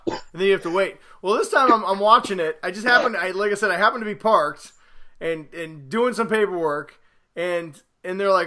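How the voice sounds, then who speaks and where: A man hosting a podcast, chatting casually and telling stories with rising excitement and rambling asides. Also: high voice, brisk. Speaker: podcast host.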